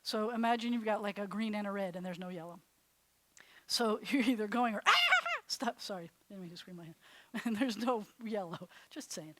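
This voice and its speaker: A woman rabbi teaching a live class, chatty and animated, laughing at herself as she demonstrates sounds. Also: medium pitch, dry recording. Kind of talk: classroom lesson. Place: congregation classroom.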